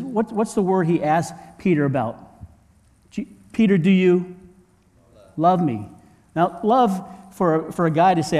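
A man's voice: on the high side, warm tone, long reverb tail. A man preaching a sermon in a conversational way, asking the congregation rhetorical questions and often repeating words as he restarts. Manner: frequent word repeats and restarts. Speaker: pastor.

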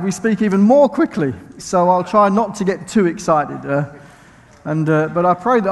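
A man with a London accent preaches as a visiting speaker in a church sanctuary, his high-pitched voice trailing a long reverb. The sermon is chatty and self-mocking, with friendly asides and many ums and restarts.

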